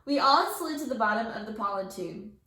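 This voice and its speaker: A woman teacher reading a picture book aloud to her class, with lively character voices. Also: on the high side, a little fast. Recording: echoey room.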